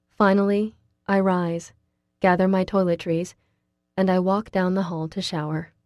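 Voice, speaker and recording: A woman narrating a first-person audiobook in a quiet, measured way. Her voice is low and mellow, with a dark, soft tone. The recording is close and completely dry. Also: dry recording.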